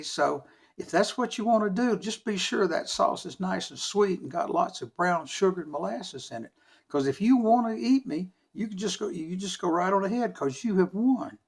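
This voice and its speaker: A man voicing a proud, talkative male rabbit trickster in a folk tale, loud and indignant, wheedling when caught. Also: high voice, gravelly, breathy edge, heavily acted. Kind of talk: storytelling with character voices.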